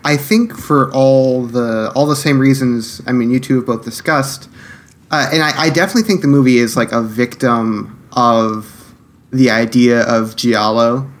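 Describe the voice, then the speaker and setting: A man co-hosting a film podcast, talking casually in a halting way as he searches for words. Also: medium pitch. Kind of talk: casual film review chat.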